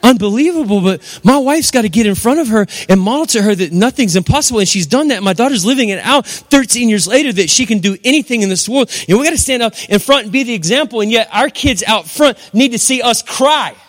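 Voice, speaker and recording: A man's voice: very high voice, expressive, fast talker, few pauses. A middle-aged man preaching a sermon as pastor, emphatic and repetitive, with rhetorical questions. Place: church hall. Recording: long hall reverb.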